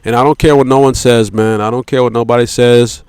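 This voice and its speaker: A man with a smooth, resonant, mid-pitched voice holds forth in a rambling monologue. He swears freely, circles back on his points and slows down to stress words. The sound is dry and close, with no room echo. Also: fairly even intonation, a little mellow. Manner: profane, repetitive, peppered with "you know" and "man".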